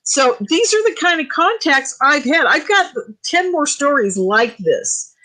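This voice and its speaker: A woman with a slightly high voice tells her stories in an animated, excitable way. She piles up details and keeps pressing her points with emphasis. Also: unhurried, low-quality recording. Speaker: UFO contactee guest. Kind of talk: casual talk radio chat.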